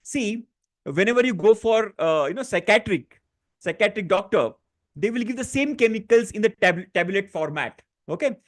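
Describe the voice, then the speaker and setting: A man guiding a live online stress-relief session, speaking gently with many fillers and restarts. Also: high voice, lively intonation, normal speed. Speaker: stress-relief workshop facilitator. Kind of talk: guided tapping session on a live online class.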